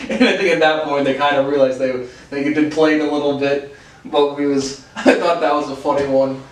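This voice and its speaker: A man's voice: on the high side, fairly even intonation, a little fast. A young man telling casual stories with lots of laughs, restarts and fillers. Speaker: podcast host. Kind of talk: casual storytelling. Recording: roomy, distant from the mic.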